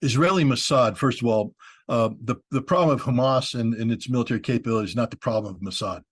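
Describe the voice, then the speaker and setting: A man's voice: medium pitch, quick pace, slightly rough. A man speaking as a guest in a discussion, emphatic and explaining, sometimes restarting his sentences.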